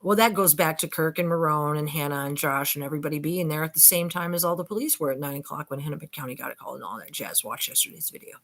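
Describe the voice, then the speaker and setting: Chatty older woman vlogger, lowish voice. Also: fast talker, few pauses, a bit bright. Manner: chatty, emphatic, addresses viewers as "you guys". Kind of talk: casual commentary on case documents.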